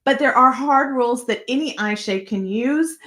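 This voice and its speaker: A woman demonstrates makeup live, chatting easily and talking directly to her viewers. Her voice sits a little high for a woman, and she keeps the tone friendly and encouraging throughout. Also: moderate pace, fairly bright tone. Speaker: makeup tutorial host.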